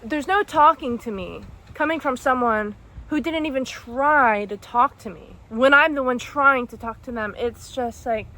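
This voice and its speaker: A woman's voice: high voice, unhurried, bright, forceful tone. A young woman telling a personal breakup story in a casual, rambling, emotional way, full of "like" and "dude". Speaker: vlogger.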